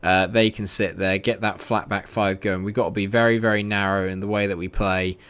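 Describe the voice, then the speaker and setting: A man's voice: low-pitched, level tone, brisk, fairly bright tone, clean tone. A man giving casual commentary over a football management game, grumbling and exasperated as things go wrong. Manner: exasperated, grumbling, talks to himself. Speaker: gaming commentator.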